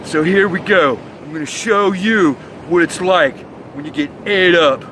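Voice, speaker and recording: High, bright-voiced hyped surfer dude. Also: male voice, unhurried, slight background noise, poor audio. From Florida. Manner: hyped surfer slang, shouted sound effects. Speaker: comic vlogger. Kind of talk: comic surfer-dude monologue.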